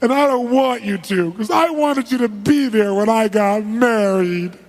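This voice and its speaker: A man voicing a crying five-year-old girl begging her father, his voice pushed up high and gravelly in a long echoing hall. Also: measured pace. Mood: pleading.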